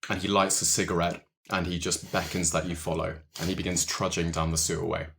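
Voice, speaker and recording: A man narrating as game master of a tabletop game, relaxed and descriptive. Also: deep voice, fairly quick, creaky, slight background noise.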